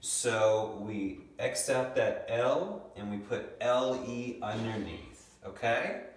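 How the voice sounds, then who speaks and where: A young male teacher gives a remote lesson to second graders, stretching out each word as he sounds it out. His voice sits a little low and moves slowly and patiently. He is picked up from a distance in a very echoey room with a faint hum behind him. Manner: patient, slow, stretches out words to sound them. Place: home room. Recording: echoey room, mic far off.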